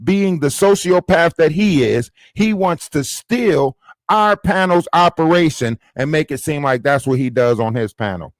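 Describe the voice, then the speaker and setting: A man's voice: on the high side, expressive, a little slow, no echo, clean studio sound. A man hosting a live stream, ranting emphatically and repeating his points with "right?" tags. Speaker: livestream host. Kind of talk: heated live-stream rant.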